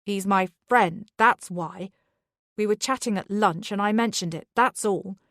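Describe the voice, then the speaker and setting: A woman's voice: medium pitch, a little slow, no room sound, clean studio sound, close to an everyday voice. A woman narrator voicing an irritated, evasive husband who talks in a dismissive, hissing way.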